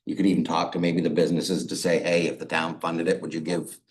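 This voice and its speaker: A man at a town committee meeting speaks practically, slipping in dry sarcastic asides. His voice is extremely deep. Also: little pitch movement, quick pace.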